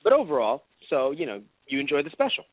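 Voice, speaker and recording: A man's voice: a little high, quick pace, breathy edge, no room sound. A man co-hosting a live radio show, chatting casually and animatedly. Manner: animated, enthusiastic rambling. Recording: tinny phone-like sound, dry.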